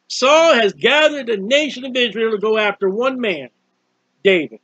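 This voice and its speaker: High-voiced earnest man preaching. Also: sing-song, normal speed, a bit bright, husky, no echo, highs cut off. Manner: earnest, conversational preaching with repetitions. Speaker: street preacher. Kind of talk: informal sermon on a psalm.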